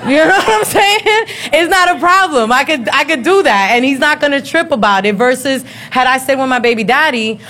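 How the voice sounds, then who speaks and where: A woman in her thirties talking in a casual chat, blunt, profane and quick to laugh. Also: high-pitched, animated, fairly bright tone. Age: 30s.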